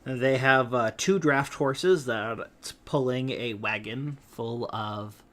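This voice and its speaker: Slow, measured man running a tabletop game. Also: mid-range voice, fairly bright tone. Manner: unhurried, hesitant narration with fillers. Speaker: game master.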